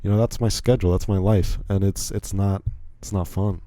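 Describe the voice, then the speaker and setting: A man's voice: low-pitched, steady tone, moderate pace, dark tone, no echo. A young man hosting a podcast, talking casually in a rambling, self-deprecating way with frequent restarts. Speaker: podcast host. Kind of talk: casual monologue.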